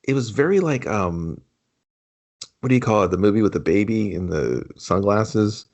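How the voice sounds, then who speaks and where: A man's voice: on the low side, lively intonation, moderate pace, darkish tone. A man co-hosting a casual movie review chat, rambling and acting out characters' lines. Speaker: podcast co-host.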